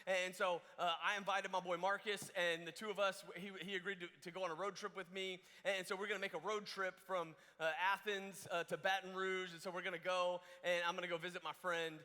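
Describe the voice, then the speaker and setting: A young man from Georgia telling a story as a camp speaker, animated and full of restarts and fillers, in a large auditorium on a stage mic. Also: high voice, fairly quick, few pauses. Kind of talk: storytelling sermon. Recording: long hall reverb.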